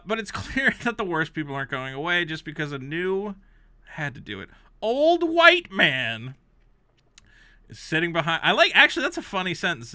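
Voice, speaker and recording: A man rants through comedic reaction commentary in a sharply bright voice that leaps high and dips low. He sounds exasperated and sarcastic, swinging from loud outbursts to low mutters. The recording is close and dry. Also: no echo. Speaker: host reacting to a game console review.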